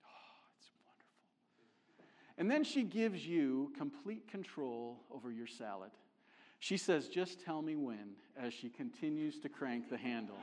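A middle-aged man preaching a sermon as a visiting missionary, conversational and joking, growing animated as he builds a point. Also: medium pitch, measured pace. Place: church sanctuary. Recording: long hall reverb.

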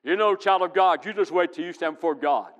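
A man mimicking a ranting preacher who warns listeners of an angry God, loud and scolding. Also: high voice, fairly quick, long reverb tail, lo-fi sound, pitched above the performer's own voice.

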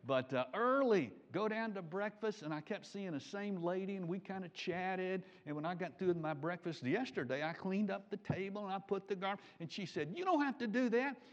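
A man preaching a sermon, animated, swinging from loud emphatic peaks to quiet low asides. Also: normal speed, few pauses. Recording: dull lo-fi recording.

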